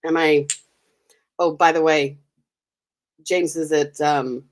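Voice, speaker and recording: An American woman hosts a live stream, chatting casually with viewers while giggling and teasing them. Her voice is low and steady, and she speaks slowly with long pauses.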